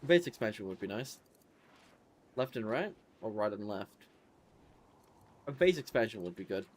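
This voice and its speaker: Here a man with a lowish voice and lively intonation talks at a moderate pace while streaming a game. He's sleepy and yawning, reading menu items aloud and rambling offhandedly as casual gameplay commentary.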